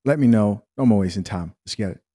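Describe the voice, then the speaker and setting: A man's voice: on the low side, fast talker, mellow, no echo, clean studio sound. A man hosting a podcast, reacting to a clip with wry, blunt interjections and opinionated commentary. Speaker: podcast host reacting to clips.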